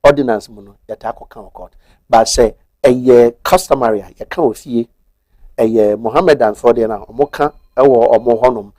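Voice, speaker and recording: A man's voice: medium pitch, normal speed, warm tone, no echo. A man with a Ghanaian accent explaining marriage law on a talk show, methodical and switching between Twi and English.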